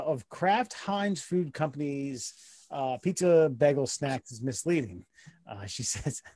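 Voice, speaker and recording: A man's voice: a little high, dark tone, dry recording, clean studio sound. A man co-hosting a comedy podcast, reading a news story aloud and breaking into crude joking asides. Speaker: podcast co-host. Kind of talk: casual comedic podcast chat.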